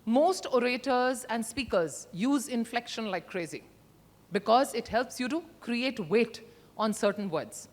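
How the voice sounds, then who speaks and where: A middle-aged woman, giving an interactive workshop talk at a conference, emphatic and expressive, using her voice to demonstrate. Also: on the high side, unhurried. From India. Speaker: conference speaker. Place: large conference hall. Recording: long hall reverb.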